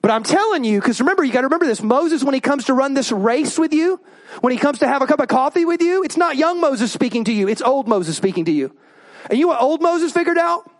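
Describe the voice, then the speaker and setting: A man preaching a sermon as pastor, animated, acting out quoted voices as he goes. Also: fast. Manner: animated, acts out quoted voices with rising pitch.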